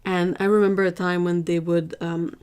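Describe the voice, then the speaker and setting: A woman hosting an art livestream, chatting casually with viewers, emphatic and lively. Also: fairly low pitch, normal speed, clear, resonant tone. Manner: chatty, answers viewers' chat.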